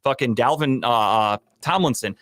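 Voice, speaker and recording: A man co-hosting a casual sports podcast, going on heated, profane rants that climb toward shouting. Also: medium pitch, moderate pace, very noisy. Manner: heated, profane ranting, rising to near-shouting. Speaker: podcast co-host.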